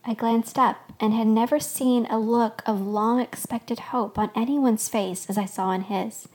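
A woman's voice: on the high side, steady tone, unhurried, darkish tone. A woman podcast host reading her own story aloud as scripted narration.

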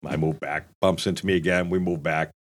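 A man's voice: low-pitched, fairly quick. A middle-aged man with a Boston accent telling a rowdy story on a podcast, swearing, laughing and acting out the voices. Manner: animated storyteller, acts out quotes, laughs often. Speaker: podcast host. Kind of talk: casual storytelling with profanity.

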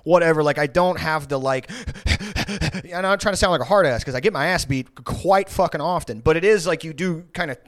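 A man's voice: fairly high pitch, brisk, hardly any pauses, no echo, clean studio sound. A man telling a story casually as a podcast guest, rambling and profane, with lots of fillers. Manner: profane, rambling, animated retelling.

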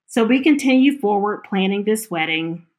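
Telling her own story in an interview, a middle-aged woman brings quoted speakers to life by acting out their lines. Her voice sits at medium pitch, at normal speed, and her manner is animated.

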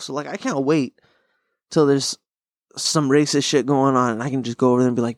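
A young man rants on his podcast, rambling and swearing constantly with lots of restarts. His voice sits at a middle pitch and is recorded dry and close, with no room sound. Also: brisk, dry recording. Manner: profane, rambling, animated. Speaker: podcast host. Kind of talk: casual podcast rant.

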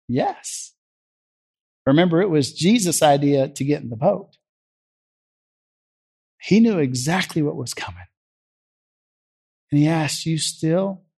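A man delivers a sermon with a voice that sits slightly high for a man. He tells the scripture scenes as vivid stories and acts them out as he goes. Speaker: preacher.

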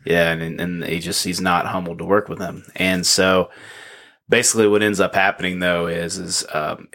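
A man with a fairly low voice co-hosting a casual movie review chat. He rambles through the plot with many restarts and fillers, dropping swear words casually. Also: little pitch movement, moderate pace, creaky, a bit bright. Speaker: podcast co-host.

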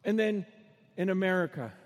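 A middle-aged man with a high voice preaches a sermon in an arena. He tells stories and acts out the voices of the people in them, now and then rising to a shout. His words ring out with the long echo of a big hall. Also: lively intonation, normal speed. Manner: storytelling, acting out voices with sudden shouts. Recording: long reverb of a large arena.

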